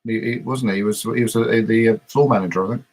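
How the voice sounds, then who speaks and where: A man's voice: lowish voice, steady tone, fast. A man hosting a casual live podcast, recapping an episode in a meandering way with frequent hesitations. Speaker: podcast host.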